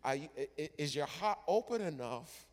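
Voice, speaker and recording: A male pastor delivering a sermon with dramatic storytelling that swings from loud to hushed. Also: fairly high pitch, animated, normal speed, long reverb tail.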